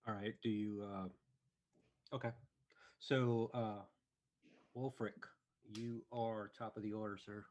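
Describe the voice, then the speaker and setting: A man running a tabletop game as game master over a voice call, unhurried and easygoing. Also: fairly low pitch, level tone, darkish tone. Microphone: online voice call.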